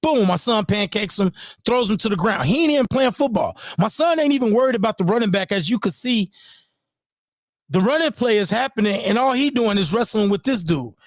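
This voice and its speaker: A father breaking down his son's game footage in casual screen-share commentary, heated and profane, repeating "boom" as he points things out. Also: lively intonation, brisk, no room sound, studio quality. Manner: heated, profane, repeats "boom" and "you know what I'm saying".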